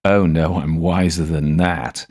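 A man's voice: deep voice, fairly even intonation, slow pace, a little mellow, heavily acted. A man voicing a jovial, chummy, old-fashioned English shopkeeper with a posh, breezy manner.

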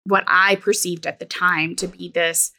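A woman business coach sharing her story candidly as a podcast guest. Her voice is bright and forward, with a noticeable gravelly fry at the ends of phrases. She reflects openly and fills her pauses with "you know". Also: lowish voice, flat delivery. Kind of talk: personal storytelling in interview.

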